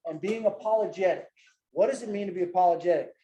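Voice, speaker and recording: A man leads a casual Bible study for a group in a church classroom, sharing personal stories and tacking "man" and "right?" onto his sentences. He talks fast in a mellow voice that sits high, the room is echoey, and the high frequencies are cut off.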